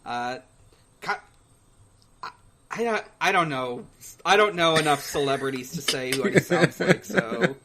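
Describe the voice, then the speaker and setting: A man co-hosting a podcast in casual chat, recapping a cartoon in a hesitant, halting way full of pauses. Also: on the high side, a crowd in the background. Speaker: podcast co-host.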